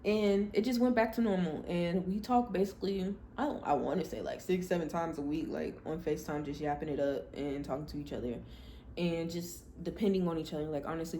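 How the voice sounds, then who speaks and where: A young adult woman hosting a podcast, telling a personal story in a candid, blunt and expressive way. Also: lowish voice, a little hiss or hum. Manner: blunt, expressive, animated when quoting herself. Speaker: podcast host.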